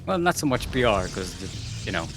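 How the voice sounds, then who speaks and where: A man's voice: on the low side, sing-song, brisk, over music. A man co-casting a live strategy game match in a laid-back, dry and teasing way. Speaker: esports caster.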